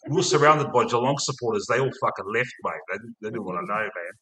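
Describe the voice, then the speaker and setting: A man's voice: medium pitch, expressive, quick pace, a bit bright, rough recording. An Australian man hosting a casual podcast chat, rowdy and sweary, ending nearly every line with "mate". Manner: rowdy, swears a lot, ends lines with "mate". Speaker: podcast host.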